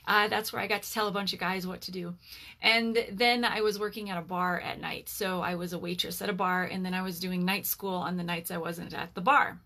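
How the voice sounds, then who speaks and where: A woman's voice: on the low side, steady tone, a little fast, pushed and bright. A woman in her forties, hosting a casual live Q&A as a network marketer, chatty and rambling with lots of fillers. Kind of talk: casual live-stream chat.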